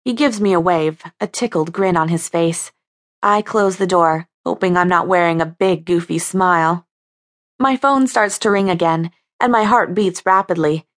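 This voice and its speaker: A woman narrating a first-person contemporary romance audiobook with an intimate, lightly playful storytelling manner. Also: lowish voice.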